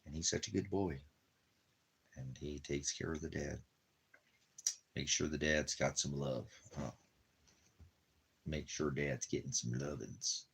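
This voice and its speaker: A man with a very low, husky voice rambles in a loose, repetitive way. He coos at his dog with doting baby-talk, then slides into preaching about religion, all in an offhand home-vlog manner. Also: fairly even intonation, unhurried, long pauses, fairly bright tone. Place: at home in the desert.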